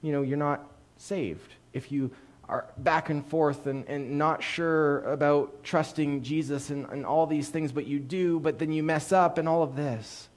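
A man preaching to a church congregation, telling a story with playful asides and quick shifts between joking and earnest appeal. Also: a little high, fairly even intonation. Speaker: pastor. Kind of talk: sermon. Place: church sanctuary.

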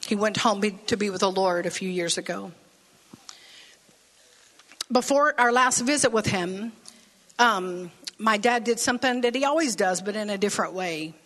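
A middle-aged woman pastor preaching a sermon in a church, telling stories casually and building to bold declarations. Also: medium pitch. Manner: animated, conversational storytelling with rising declarations. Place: church sanctuary.

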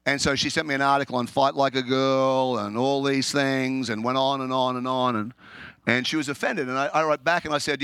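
A man with an Australian accent preaching a humorous sermon, animated and laughing often, restarting his words as he tells stories. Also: mid-range voice, fairly quick, smooth, no room sound. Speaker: pastor.

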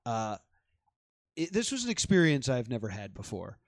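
A man's voice: mid-range voice, wildly swooping pitch, normal speed, no room sound. A young man casually chatting about movies as a podcast co-host, acting out his own reactions.

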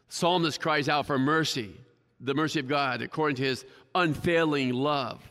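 A man's voice: medium pitch, normal speed, a bit bright. A male pastor preaching a sermon in a church, talking conversationally, often checking in with the congregation and joking at his own expense. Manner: conversational, keeps asking the congregation "right?"; self-deprecating humor. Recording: long hall reverb.

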